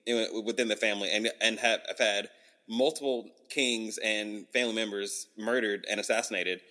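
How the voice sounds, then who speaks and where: Low-voiced slangy man in casual chat. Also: fairly even intonation, normal speed, pushed and bright, big-room sound. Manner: loose, slangy, swearing, lots of "like".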